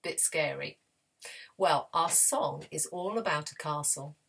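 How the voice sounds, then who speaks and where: A woman teaching a children's music lesson, gently and encouragingly, with playful voice demonstrations. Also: low-pitched, measured pace, creaky, husky. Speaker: primary school music teacher.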